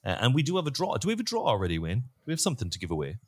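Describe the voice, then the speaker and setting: Lively podcast host, a man. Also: mid-range voice, racing, breathy edge. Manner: jokey, loose and lively. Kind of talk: casual chat.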